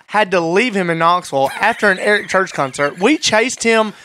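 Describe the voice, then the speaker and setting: A man's voice: sits high, expressive, normal speed, pushed and bright, slight background noise. A man in a casual chat, telling stories emphatically.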